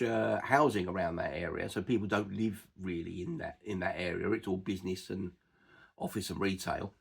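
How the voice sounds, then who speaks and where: A man with an Estuary English accent, from the edge of East London and Essex, explaining dialect features in an unhurried way with frequent "uh" and "um". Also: lowish voice, gravelly, slightly rough. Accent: Estuary English, Cockney-like. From edge of East London and Essex, England. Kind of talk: informal spoken lesson.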